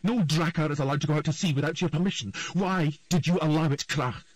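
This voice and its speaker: A man's voice: medium pitch, animated, measured pace, recorded from a distance, a little hiss or hum, voice pushed up, lightly acted. A man voicing a cold, commanding old queen who speaks in a stern, authoritative way. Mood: furious. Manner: authoritative, forceful.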